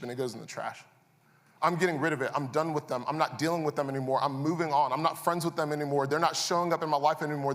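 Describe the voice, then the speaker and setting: Preaching as pastor in a church auditorium, a man with a fairly high, fairly bright voice starts conversationally and builds to intense, repeated refrains. The recording carries church hall reverb.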